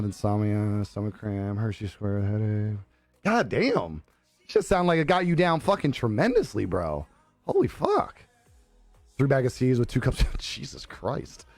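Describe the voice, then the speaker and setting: Young male streamer, loose and profane, lively pitch, dry close mic with faint music. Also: no echo. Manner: laid-back, profane, laughs often. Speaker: live streamer. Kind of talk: casual chat reading viewer comments.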